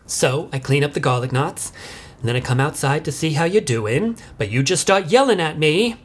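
A woman's voice: sits low, expressive, moderate pace, husky. An actress playing a self-righteous, oblivious middle-aged suburban mother, rambling in a comic monologue of video messages. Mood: indignant.

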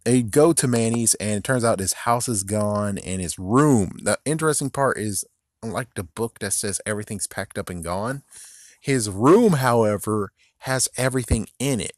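Man, casual recap commentary, rambling, lowish voice, dry close sound, chuckles a lot. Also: normal speed, dry recording. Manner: rambling, animated, laughs often, mimics characters in raised voice. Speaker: video commentator.

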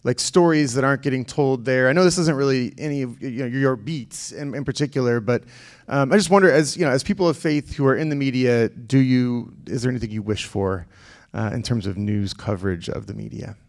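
Halting male panel moderator. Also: medium pitch. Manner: halting, thinks aloud with many restarts. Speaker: panel moderator, history professor. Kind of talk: panel discussion questions. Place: church hall.

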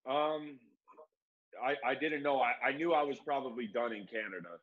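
A young man from the United States, an MMA fighter, tells a long story in loose, slangy talk, throwing in "like" and "bro" as he goes. His voice sits at an ordinary middle pitch for a man. The recording sounds a little dull and lo-fi. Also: moderate pace. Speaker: MMA fighter being interviewed. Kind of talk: casual storytelling.

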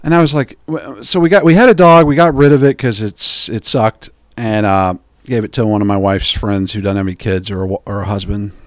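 A man hosting a podcast, telling jokey, digressive stories and slipping into quick impressions of the people he quotes. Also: lowish voice, no room sound, studio quality. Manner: digressive, joking, mimics people in quoted asides. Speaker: podcast host. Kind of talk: rambling comedic podcast chat.

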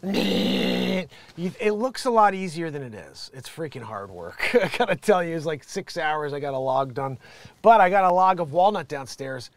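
A show host rants comically from his home studio in a slightly high, sing-song voice at a normal speed, on a dry recording. His commentary rambles, is profane, and breaks into laughter often.

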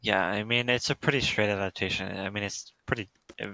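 A man's voice: fairly low pitch, fairly even intonation, a little fast, vocal fry, pushed and bright, poor audio. A man co-hosting a casual review podcast, analytical and hedging with many fillers. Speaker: podcast co-host.

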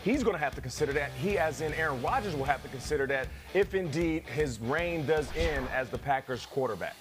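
A man's voice: on the high side, lively intonation, a little fast, over music. A man on a sports talk panel, speaking conversationally and posing rhetorical questions.

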